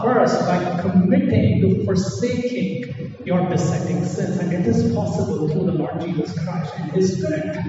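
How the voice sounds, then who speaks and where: A man's voice: high voice, background noise. A man preaching a sermon with emphatic repetition and rhetorical questions to his congregation. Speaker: pastor. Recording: echoey hall from far off, dull sound.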